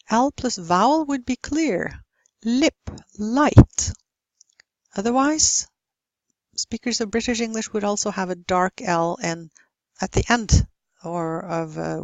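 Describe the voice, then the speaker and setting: Woman teaching pronunciation, says example words one by one, unhurried, dry close sound. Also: medium pitch, gravelly, dry recording. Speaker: lecturer. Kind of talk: recorded slide lecture on pronunciation.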